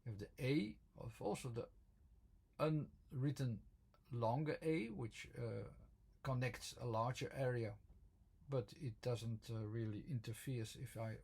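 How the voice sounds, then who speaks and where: Hesitant man with a gravelly, husky voice. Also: medium pitch, measured pace, darkish tone. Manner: hesitant, many fillers and restarts. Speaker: video presenter explaining his word-form theory. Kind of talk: unscripted explanatory talk.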